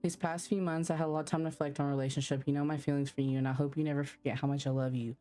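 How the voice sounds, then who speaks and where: Young woman in love writing letters, low and mellow, soft and wistful , read by a woman streamer. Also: flat delivery, rapid-fire, soft background music, natural voice. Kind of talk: reading game letters aloud.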